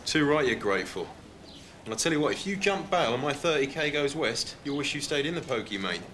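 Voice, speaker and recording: A man's voice: medium pitch, lively intonation, fairly quick, fairly bright tone, close to an everyday voice. An actor playing a tough, sarcastic businessman, speaking bossily. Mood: sardonic. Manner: sarcastic, bossy. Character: tough sardonic middle-aged businessman. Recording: noisy TV drama sound.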